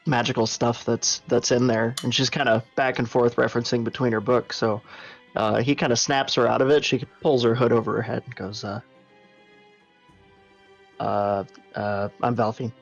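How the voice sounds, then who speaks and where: Hesitant male player, gravelly, dull lo-fi mic. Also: mid-range voice, fairly even intonation, a little fast, faint music behind. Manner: hesitant, repeats words. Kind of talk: describing his character's actions.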